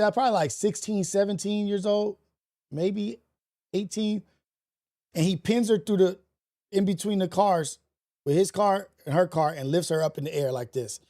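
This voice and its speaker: A man's voice: fairly high pitch, darkish tone. A man hosting a casual livestream, telling a story in loose slang full of fillers and restarts. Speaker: livestream host. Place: home setup for a portrait livestream.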